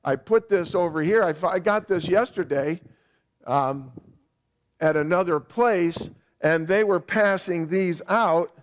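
A high-voiced man preaching a sermon over a microphone. He repeats himself for emphasis and punches key words with sudden loud stress. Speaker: pastor. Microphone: microphone on a sound system.

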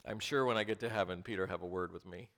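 A man preaching a conversational sermon as pastor, animated and playful, often restarting and repeating words as he goes. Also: sits low, quick pace.

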